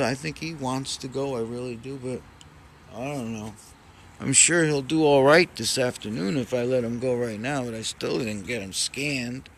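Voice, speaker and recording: A man casually rambling in a home vlog, cooing softly at his cats. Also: mid-range voice, vocal fry, a little hiss or hum. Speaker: vlogger. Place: home indoors.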